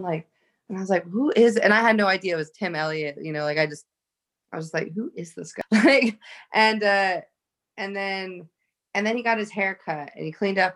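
A young adult woman, a fighter, telling lively stories in casual chat with many restarts. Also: fairly low pitch. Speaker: fighter guest.

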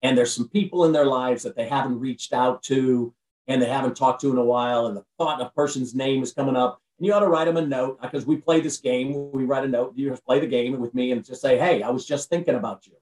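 A man's voice: medium pitch, steady tone, fast, a little mellow. A man talks as a guest on a podcast, full of preachy, motivational energy, stumbling over and restarting his words as he pushes forward. His voice sits a little back from the mic in a roomy, echoing space. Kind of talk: casual podcast conversation. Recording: roomy sound from far off the mic.

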